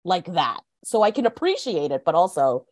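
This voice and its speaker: A woman's voice: fairly low pitch, very animated, normal speed, darkish tone, no room sound, clean studio sound. A woman guest on a sports podcast over a video call, chatting casually, frank and opinionated and laughing often. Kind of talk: casual chat.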